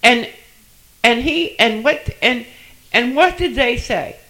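An older man preaching a sermon in a church, emphatic, with soft dropped asides and repeated phrases. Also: very high voice, takes it slowly, poor audio.

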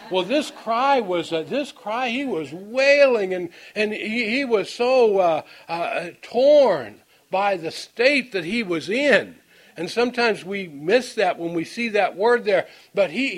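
A man preaching a Bible-teaching sermon. He reads scripture slowly and deliberately, then breaks into folksy stories, often halting and repeating words as he goes. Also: high voice. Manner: folksy, storytelling asides; halting, repeats words while finding them.

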